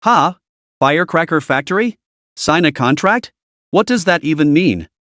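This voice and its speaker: A man voicing a cheeky, whiny teenage girl in a storybook reading, his voice lifted a little and lively. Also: fairly high pitch, moderate pace, no echo, studio quality.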